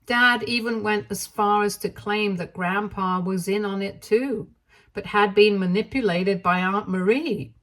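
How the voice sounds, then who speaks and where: A woman reading a first-person story aloud in an even, measured narration style. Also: medium pitch.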